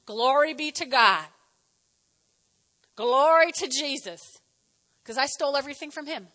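High bright-voiced woman pastor preaching. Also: a little slow. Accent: New Jersey. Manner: lively, animated preaching with audience call-and-response. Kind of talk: sermon. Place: church hall. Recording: reverberant hall.

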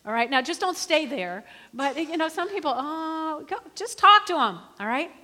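A middle-aged woman preaching a sermon in an animated, conversational way, often calling for the congregation to respond. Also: sits high, moderate pace. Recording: reverberant hall.

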